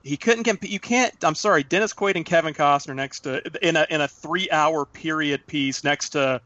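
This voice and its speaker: A man's voice: on the high side, moderate pace, bright, forceful tone, dry recording. A man hosting a podcast in casual banter, profane and rambling, stumbling over his words. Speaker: podcast host. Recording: dull lo-fi podcast audio.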